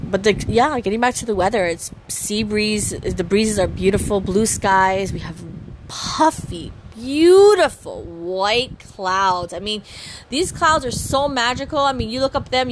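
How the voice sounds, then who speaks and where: An animated woman in her thirties vlogs casually from her room, speaking into her phone. Her voice rises and dips with playful inflection in a mid-range register. The phone recording carries a steady layer of background noise. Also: mid-range voice, unhurried, low-quality recording. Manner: animated, lots of vocal inflection. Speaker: vlogger. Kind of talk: casual chat.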